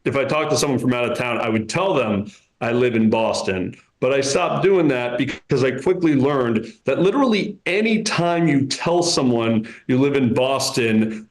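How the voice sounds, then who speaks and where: A man's voice: medium pitch, animated, moderate pace. A man in his thirties performing a stand-up comedy set in a club, with a dry, self-mocking delivery. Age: 30s. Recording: roomy club echo.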